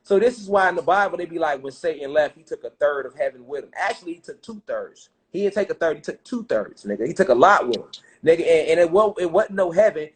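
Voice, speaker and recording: High-voiced man, animated, profane street-slang storyteller. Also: fast. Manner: gets loud and excited at times. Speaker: speaker. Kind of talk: casual spiritual storytelling.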